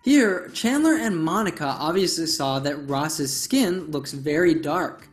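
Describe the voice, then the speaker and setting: A woman narrating a scripted English lesson, explaining words clearly and stressing key terms. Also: deep voice, animated, a little slow, soft background music. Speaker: English teacher.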